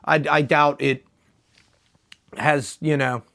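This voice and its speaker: A man's voice: on the high side, steady tone, takes it slowly, a bit bright. A man with a stuffed-up nose reviewing a new microphone in a loose, rambling vlog, talking through a lapel mic and then the new mic. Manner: rambling, loose, with fillers and mild swearing. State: stuffed up from allergies. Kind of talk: casual unboxing talk. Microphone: lapel mic, then a desk condenser mic.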